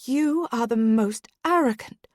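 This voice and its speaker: A woman reading a stubborn, defiant young lady whose lines rise sharp and heated in an audiobook. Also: a little high, unhurried, no room sound, clean studio sound, voice pushed up, close to an everyday voice. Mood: indignant.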